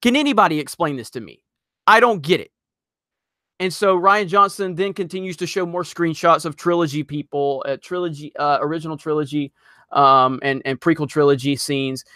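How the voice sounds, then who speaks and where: A man hosting a live stream, ranting loudly in exasperation and reading viewer messages. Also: a little high, dry recording, studio quality. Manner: exasperated, loud, rapid rants.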